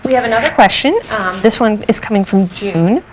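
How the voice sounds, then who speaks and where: A woman's voice: mid-range voice, expressive, fairly quick, slight background noise, poor audio. A woman hosting a museum education program, upbeat and affirming, asking a guest questions. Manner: upbeat, affirming with frequent mm-hmms.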